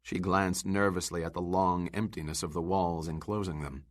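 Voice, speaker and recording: A man, a teacher, reading a novel aloud to his class in an expressive storytelling manner. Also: deep voice, moderate pace, hardly any pauses.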